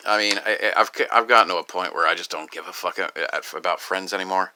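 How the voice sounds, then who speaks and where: A grieving man talks through a personal vlog in a low, tight, very forceful voice. He stumbles through restarts and fills gaps with "you know." He swears freely, and faint noise sits under the recording. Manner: halting, profane, full of restarts and "you know". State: upset, grieving. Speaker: video creator.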